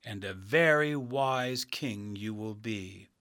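A kindly good witch from a storybook , as a man plays her, soft and gracious, slow and calm. The sound is dry and close. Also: lowish voice, no room sound.

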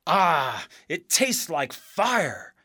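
A man voicing a big male lion in a storybook reading, booming and drawn out. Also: animated, takes it slowly, no room sound, clean studio sound. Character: big male lion, loud and newly brave.

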